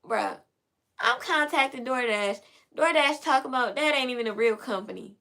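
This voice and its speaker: A woman's voice: fairly high pitch, normal speed, vocal fry, fairly bright tone. A woman hosting a podcast from her own room, telling a story casually to listeners and acting out both sides of phone calls with lots of animation. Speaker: podcast host.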